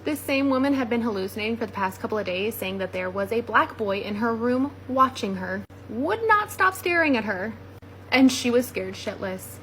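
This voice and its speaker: A woman's voice: a little high, lively intonation, moderate pace, fairly bright tone, low-quality recording. A woman telling a story in a blunt, matter-of-fact way. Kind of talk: casual storytelling. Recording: faint background noise.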